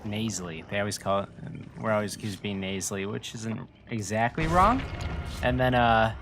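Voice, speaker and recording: A man's voice: on the low side, moderate pace. A young man with a Wisconsin accent chatting and laughing while streaming a game. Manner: rambling, laughs often. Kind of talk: casual chat while playing a game. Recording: noisy home mic.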